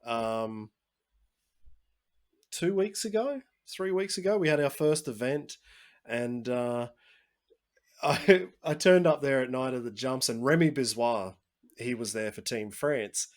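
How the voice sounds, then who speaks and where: A man hosting a podcast, telling a story in casual chat with animated asides. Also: medium pitch, slow pace, pauses often. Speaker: podcast host.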